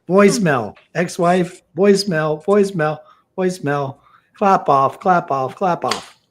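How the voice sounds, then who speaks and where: A man's voice: fairly high pitch, slow pace, a little hiss or hum. A man on a video call telling a comic story, playing both sides of a phone call in an exasperated way. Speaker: comedian contestant. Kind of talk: stand-up storytelling. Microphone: video call mic.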